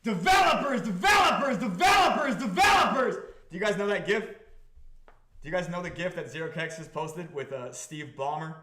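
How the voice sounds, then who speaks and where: A man hosting a livestream about his crypto project, talking to the chat in an excitable, profane, repetitive way. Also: fairly high pitch, normal speed, reverberant, a little hiss or hum. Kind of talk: livestream talk to a chat audience.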